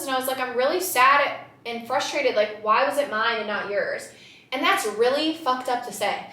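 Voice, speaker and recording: Woman, podcast host, casual chat, loud, animated, laughs a lot, bright voice, echoey room. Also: sits high, moderate pace, far from the mic. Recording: roomy echo.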